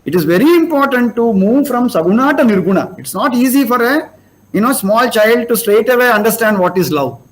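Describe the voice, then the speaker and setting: A man's voice: very high voice, expressive, fairly quick, poor audio. An older man with an Indian English accent giving a spiritual lecture, explaining step by step and asking rhetorical questions. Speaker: lecturer on scripture.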